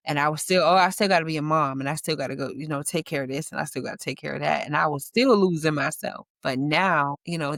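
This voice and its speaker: Animated storyteller woman with a gravelly edge. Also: low voice, no echo, studio quality. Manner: animated storyteller, acts out family voices. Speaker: guest co-host. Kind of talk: casual chat.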